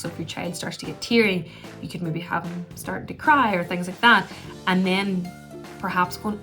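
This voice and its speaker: A woman, a play therapist explaining puppet play in a chatty, instructional way. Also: lowish voice. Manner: chatty, acts out gentle puppet voices. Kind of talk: instructional talk to camera.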